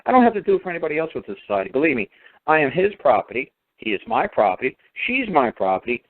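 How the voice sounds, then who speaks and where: A man's voice: fairly high pitch, big pitch swings, quick pace, no room sound. A man on a call-in radio talk show, telling stories emphatically and repeating words for stress. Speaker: radio show guest speaker. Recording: tinny phone line.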